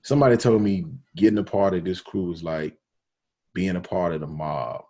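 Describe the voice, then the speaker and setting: A radio DJ from Alabama, telling his story in a relaxed interview with slang and quoted dialogue. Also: sits low, normal speed. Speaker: radio DJ, podcast guest.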